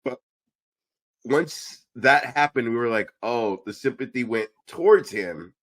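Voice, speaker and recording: A man co-hosting a podcast in casual chat, animated and swearing, acting out quotes in a lower voice. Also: unhurried. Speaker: podcast co-host.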